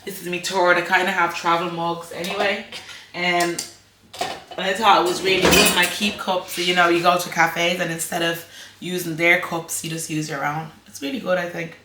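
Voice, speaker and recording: A woman's voice: lowish voice, flat delivery, normal speed, roomy sound, noisy background. An Irish woman vlogging casually to camera, chatty and rambling, laughing often. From Ireland.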